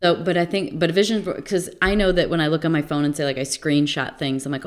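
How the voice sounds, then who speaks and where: A woman's voice: low voice, fairly even intonation, fast, few pauses. A woman interviewing a guest in a casual conversation, reflective and rambling, with many fillers.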